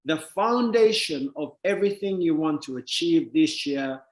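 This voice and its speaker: A man delivers a motivational talk in a high, lively voice that climbs toward near-shouts. He sounds set back from the microphone in a roomy, echoing space. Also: a little slow. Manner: emphatic, rising to near-shouts. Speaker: motivational speaker. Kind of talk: storytelling talk to an audience.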